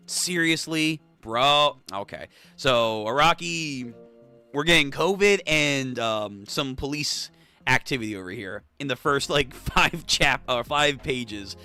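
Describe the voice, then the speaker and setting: Excitable young man, lively swearing reactions. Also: medium pitch, slow pace, clear, resonant tone, soft background music. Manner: excitable, swears a lot, laughs often. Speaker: manga read-through host.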